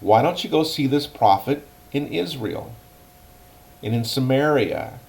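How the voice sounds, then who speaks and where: A man's voice: mid-range voice, lively intonation, measured pace, creaky, a little mellow, voice pushed up, poor audio. A man voicing a helpful young servant girl.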